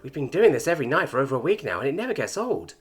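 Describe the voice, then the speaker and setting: A man doing a high, lively alien schoolgirl. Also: racing, husky, faint music behind. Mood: playful. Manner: lively, high-pitched, matter-of-fact. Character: playful clawed alien schoolgirl, bored and affectionate.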